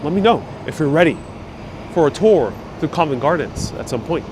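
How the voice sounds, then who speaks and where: Guy doing a live stream bus tour, kinda high voice, chatting and reading viewer comments, bit of street noise behind. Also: expressive, normal speed. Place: outdoors on a city tour bus. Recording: faint street and traffic noise.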